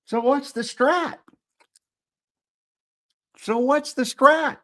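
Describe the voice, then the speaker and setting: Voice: high voice, extremely slow, fairly bright tone, voice pushed up, full character voice. A narrator voicing an eager young woman rune witch, perky and upbeat.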